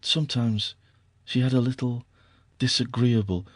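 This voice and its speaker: A man narrating an audiobook in a measured, gentle storytelling manner. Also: medium pitch, steady tone, dry recording, studio quality. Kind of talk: scripted narration.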